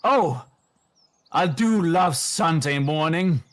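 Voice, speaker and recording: A man's voice: on the high side, expressive, slow pace, pitched above the performer's own voice. A man voicing a scheming cultist puppet. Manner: scheming, sly.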